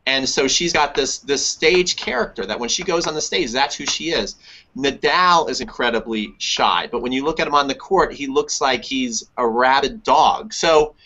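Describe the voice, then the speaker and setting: A man's voice: medium pitch, moderate pace, bright, forceful tone. A man who coaches tennis, talking in a casual webinar discussion and repeating words for emphasis. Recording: muffled lo-fi webinar audio.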